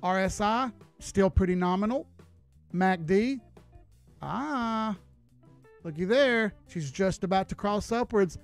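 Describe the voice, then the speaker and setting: High-voiced casual chart-streaming man. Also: slow, pauses often, clear, resonant tone, faint music behind. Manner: casual, folksy, chats with viewers while reading charts. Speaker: crypto chart analyst streamer. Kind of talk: live-stream chart analysis.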